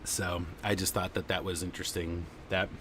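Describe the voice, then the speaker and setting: A man's voice: deep voice, little pitch movement, moderate pace, noisy background. A man hosting a casual livestream chat, rambling along with lots of fillers. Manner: rambling and chatty, many fillers. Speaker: podcast host.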